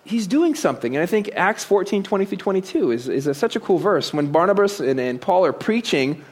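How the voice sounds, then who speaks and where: A man's voice: high voice, very animated, a little fast, husky. A man giving a conversational sermon, asking rhetorical questions and dropping joking asides. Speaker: preacher.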